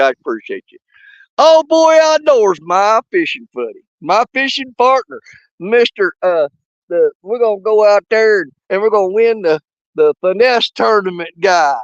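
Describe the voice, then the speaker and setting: Coughing folksy man with a bright voice. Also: high-pitched, no room sound. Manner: folksy, laughs often, drawn-out shoutouts. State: sick with a cough and fever. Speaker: fishing channel host. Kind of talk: casual live chat shoutouts. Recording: dull, dry, lo-fi sound.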